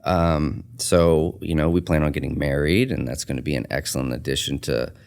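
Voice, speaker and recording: Very low-voiced man telling a story. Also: moderate pace, gravelly, clean tone. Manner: earnest, animated retelling with quoted dialogue. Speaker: tattoo artist and shop owner, guest. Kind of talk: casual storytelling in a podcast interview.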